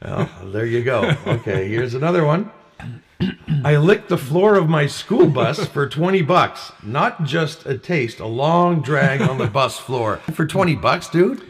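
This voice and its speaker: A man's voice: on the high side, big pitch swings, measured pace. A man co-hosting a casual talk show, reading out facts and list items and chuckling often. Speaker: co-host.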